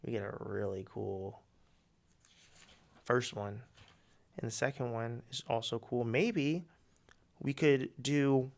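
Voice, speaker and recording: A man co-hosting a podcast, spinning a story in casual chat with slangy, animated delivery. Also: medium pitch, creaky. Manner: animated, slangy storytelling with quick acted quotes. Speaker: podcast co-host.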